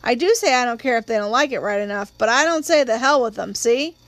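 A woman voicing a middle-aged man who talks to children in a relaxed, confiding, wry way. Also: on the high side, fast, no echo.

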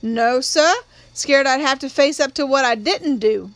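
A woman voicing a gentle young man on trial, answering humbly, slowly and respectfully in an audiobook. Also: high-pitched, no echo. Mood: fearful.

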